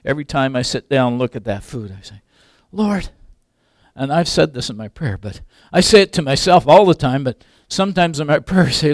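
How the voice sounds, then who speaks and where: An older man preaching a sermon, swinging from loud emphatic peaks to quiet asides. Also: medium pitch, lively intonation, brisk, no room sound, studio quality. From English background.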